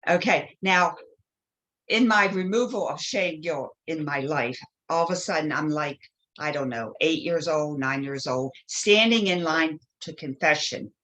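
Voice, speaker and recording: A woman's voice: low-pitched, measured pace, fairly bright tone. A woman guest in a spiritual interview who tells her stories with feeling and acts out the voices of people she quotes. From Polish family background.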